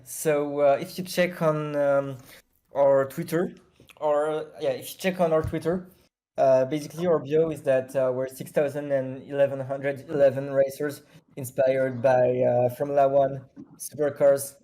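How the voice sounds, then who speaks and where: Halting, mellow-voiced man. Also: fairly high pitch, fairly even intonation. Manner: halting, many fillers and self-corrections. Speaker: project founder guest. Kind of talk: casual chat.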